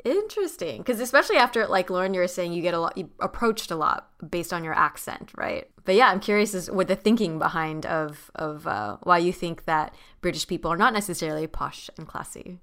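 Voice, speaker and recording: A woman's voice: fairly low pitch, lively intonation, brisk, hardly any pauses, a bit bright. A woman co-hosting a podcast, asking questions in a casual, friendly way. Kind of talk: casual chat.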